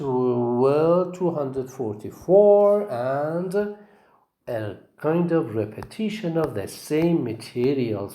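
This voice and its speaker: Slow, lively-voiced male teacher. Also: mid-range voice. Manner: slow, patient, repeats phrases and checks with "okay?". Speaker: English teacher. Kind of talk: recorded phonetics lecture.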